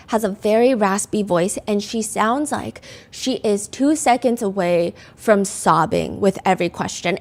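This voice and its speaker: A young adult woman hosting a podcast, telling a true-crime story in a casual, conversational way and reading out quotes with animation. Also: medium pitch. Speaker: podcast host.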